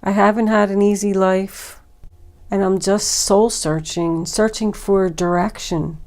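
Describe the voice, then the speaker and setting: A woman voicing a gentle young male deer from a storybook, pleading softly to be let through. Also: mid-range voice, steady tone, a little slow, natural voice. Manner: pleading, soft-spoken.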